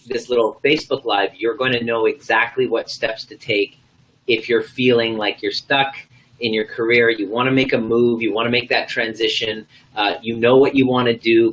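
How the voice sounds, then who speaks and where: A man's voice: lowish voice, a bit bright, low-quality recording. A man hosting a live video stream as a coach, enthusiastic and loose, rambling with lots of ums and uhs. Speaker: host, coach.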